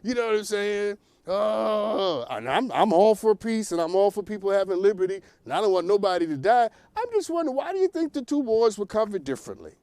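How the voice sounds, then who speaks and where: A male talk show host from New York, delivering opinionated commentary in a fairly high voice. He speaks straight to his audience and breaks into laughter at his own points. The studio sound is dry and close. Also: very animated, fairly quick, few pauses, a little mellow, smooth, dry recording.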